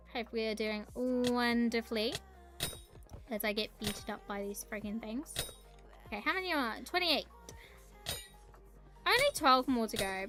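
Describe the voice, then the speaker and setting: A young woman streaming a game, chatting in a rambling, casual way and greeting her viewers. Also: on the high side. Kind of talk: casual live-stream chat while gaming.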